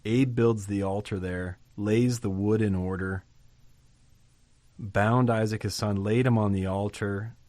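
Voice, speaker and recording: Male Bible teacher, lowish voice, conversational scripture commentary, dry studio sound. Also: fairly even intonation, a little slow, darkish tone, no echo.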